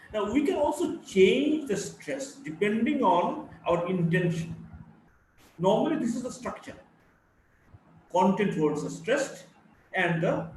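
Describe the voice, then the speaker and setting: A man teaching a live online class, who speaks deliberately and demonstrates stress patterns by repeating example sentences aloud. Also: sits high, a little mellow, recorded from a distance. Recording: very echoey room with faint noise.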